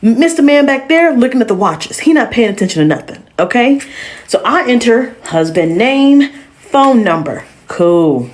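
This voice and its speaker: Brief: woman, casual storytime delivery, animated and sassy, slang-heavy. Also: fairly high pitch, moderate pace.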